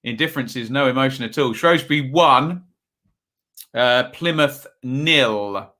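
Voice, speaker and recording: A man's voice: mid-range voice, measured pace, pushed and bright. A man hosting a live football stream, chatting with viewers and reading out scores, a little tired. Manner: chatty, reads out chat messages and scores. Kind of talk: casual live-stream chat and score updates.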